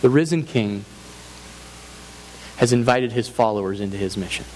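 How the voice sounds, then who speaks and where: A man's voice: lowish voice, moderate pace, a little mellow, poor audio. A man preaching a sermon as pastor, earnest and emphatic, building points through repeated phrases. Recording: faint hiss.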